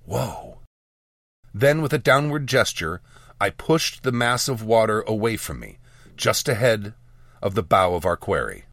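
Low-voiced man narrating a fantasy audiobook. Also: a bit bright, dry recording.

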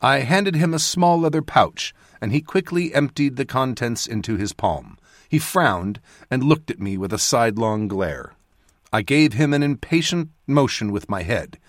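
A man's voice: normal speed, no room sound, clean studio sound. A man narrating a fantasy audiobook, giving the characters their own voices. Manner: voices characters with lively shifts in pitch and loudness. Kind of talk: scripted narration.

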